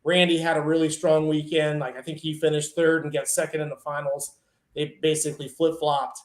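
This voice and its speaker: A man with a fairly high voice tells a rambling story in casual chat, laughing often and putting on voices for the people in it. His voice bounces around a roomy space that has a noticeable echo. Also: a little fast. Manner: animated, laughs often, acts out quoted friends. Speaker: truck and tractor pulling guest. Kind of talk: casual storytelling on a live show.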